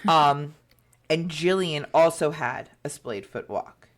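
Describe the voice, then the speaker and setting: On her podcast, a co-host recounts a story slowly in a low, expressive voice. Her telling is loose and conversational, heavy on fillers, with quotes she plays out in character.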